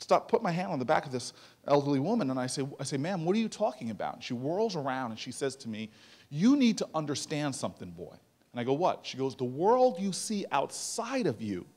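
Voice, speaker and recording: A man's voice: medium pitch, darkish tone. An American man in his thirties giving a motivational keynote speech, telling a story and acting out the quoted voices, often repeating words as he goes. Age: 30s. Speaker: keynote speaker.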